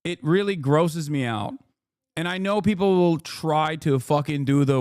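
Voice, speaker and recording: A man's voice: on the high side, measured pace, darkish tone, clean tone, no room sound, clean studio sound. A man streaming a reaction video, ranting in a heated and profane way and firing off indignant rhetorical questions. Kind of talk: casual live-stream commentary.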